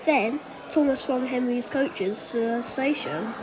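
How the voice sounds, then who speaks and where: A woman narrating a homemade train story in a halting way, with fillers and asides. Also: on the high side, noisy background. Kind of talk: amateur storytelling.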